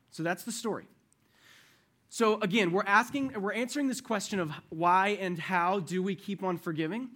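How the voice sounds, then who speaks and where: A man's voice: sits high, fairly bright tone. A young man preaching a sermon in a casual, conversational way, addressing his group directly and retelling a parable.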